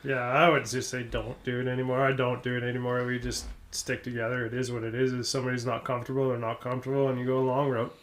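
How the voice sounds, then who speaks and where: A man's voice: mid-range voice, flat delivery, quick pace, hardly any pauses, fairly bright tone. A man who is a podcast guest, talking in a blunt, laid-back way. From Canada. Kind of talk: casual chat.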